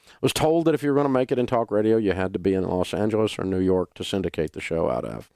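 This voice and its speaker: A man's voice: sits low, lively intonation, fast talker, creaky, mellow, no echo, studio quality. An older man with a Southern US accent, a radio talk show host delivering a folksy, blunt, emphatic monologue. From Southern United States.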